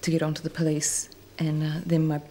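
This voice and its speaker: A woman's voice: low-pitched, completely flat delivery, a little fast, warm tone, a little hiss or hum. A woman, recounting events in a subdued way. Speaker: victim.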